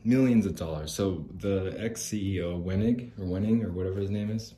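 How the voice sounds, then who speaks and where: A man's voice: sits low, normal speed, warm tone. A middle-aged man from the United States ranting casually as a podcast host, aggrieved and rambling, swearing freely. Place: outdoors near an apartment complex.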